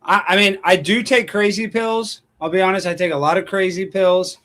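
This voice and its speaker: Hosting a late-night call-in live stream, a man with a voice that sits high speaks at a moderate pace. His casual talk is an animated, sarcastic rant, and he thinks aloud while searching online between callers.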